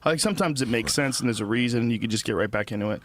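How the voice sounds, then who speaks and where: A man's voice: mid-range voice, rapid-fire. A middle-aged man hosting a podcast, talking casually with comedian friends. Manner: relaxed, swears casually. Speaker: podcast host. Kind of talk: casual chat.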